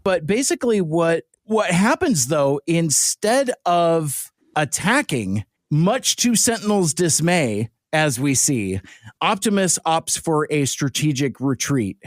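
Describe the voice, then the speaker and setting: High-voiced man chatting on a podcast. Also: takes it slowly, dry recording, clean studio sound. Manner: animated, laughs often, does silly voices. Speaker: podcast co-host. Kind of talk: casual chat.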